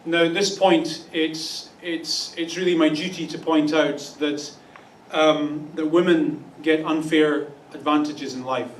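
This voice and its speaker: Pastor, man, high register, wry comic sermon, distant mic in a roomy hall. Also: fairly even intonation, a little slow, few pauses, noisy background. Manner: wry, playful asides with mock voices. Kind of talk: humorous Easter sermon. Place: church auditorium. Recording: echoey room, distant mic.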